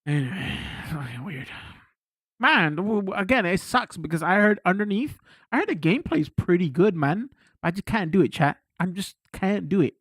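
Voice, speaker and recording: A British man chatting casually on a live stream, rambling and excitable, swearing freely as he talks to his chat. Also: high voice, normal speed, breathy edge, no room sound, studio quality.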